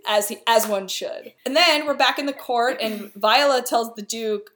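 A woman's voice: a little high, moderate pace, hardly any pauses, fairly bright tone. A young woman casually retelling a comic play in slangy everyday words, briefly acting out the characters' lines. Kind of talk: casual plot retelling with quoted voices.

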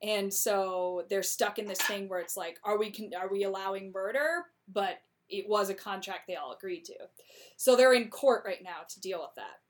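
A woman casually recapping a plot in a chatty, slangy way, with quick laughs. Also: mid-range voice, slight background noise.

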